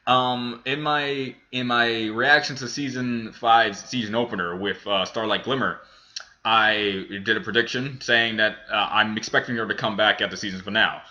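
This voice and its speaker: A man's voice: medium pitch, bright, forceful tone, muffled recording. A man hosting a reaction video, reviewing a cartoon episode in a rambling, casual way with many restarts. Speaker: reaction channel host.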